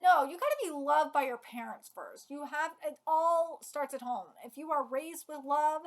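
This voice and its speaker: Hyped woman doing a live manga reaction, high voice, swears a lot, emotional.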